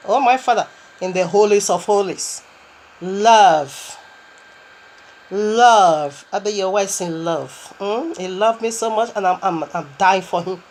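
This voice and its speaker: A woman preaching a lively sermon who reads scripture aloud, laughs often and breaks into bursts of speaking in tongues. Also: medium pitch, a little hiss or hum.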